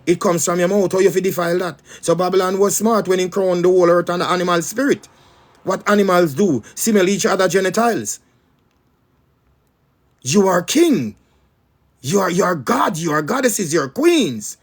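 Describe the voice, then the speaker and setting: High-voiced Jamaican man preaching. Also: normal speed. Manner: emphatic, repetitive, in patois. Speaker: spiritual teacher. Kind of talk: preaching monologue.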